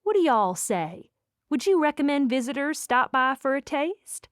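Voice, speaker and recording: A bubbly middle-aged TV interviewer with a Southern accent stretches her words out slowly for the camera, as a woman narrator puts her on. The recording is close and dry. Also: sits high, sing-song, no room sound, pitched above the performer's own voice.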